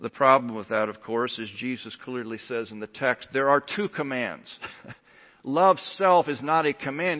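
Pastor preaching in a reverberant hall. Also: male voice, mid-range voice, moderate pace, dull audio. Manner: emphatic, earnest preaching. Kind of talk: sermon.

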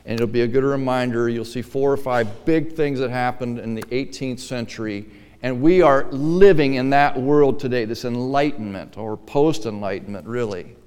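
Man preaching with a smooth, resonant voice. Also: medium pitch, moderate pace, in a large hall. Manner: emphatic preaching, swinging between quiet asides and forceful stressed lines. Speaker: pastor. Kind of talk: sermon.

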